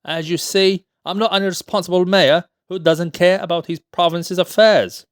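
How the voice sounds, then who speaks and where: A man's voice: sits high, steady tone, moderate pace, clean tone, dry recording, clean studio sound, natural voice. A man voicing an anxious, scheming older male town governor, as he reads a play aloud. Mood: fawning. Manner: muttered asides, fawning when aloud.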